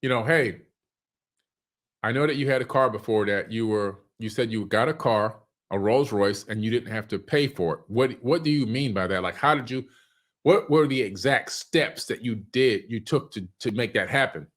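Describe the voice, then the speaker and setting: A man giving casual business advice at home, talking loosely with restarts and clearing his irritated throat. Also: medium pitch, normal speed. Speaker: online business coach. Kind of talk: casual monologue. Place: home room.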